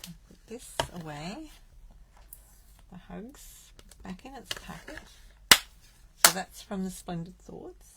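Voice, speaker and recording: A woman's voice: on the low side, very animated, slow pace, creaky, pauses often, very noisy. A woman from Australia hosting a live card-making stream, chatting and thinking aloud as she works. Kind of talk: live crafting stream chat.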